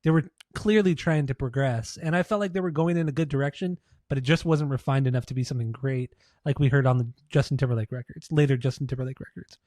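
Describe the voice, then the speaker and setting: A man's voice: mid-range voice, fast talker, few pauses, darkish tone, dry recording, studio quality. A man co-hosting a podcast, chatting casually, teasing his co-host and swearing often. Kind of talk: casual chat.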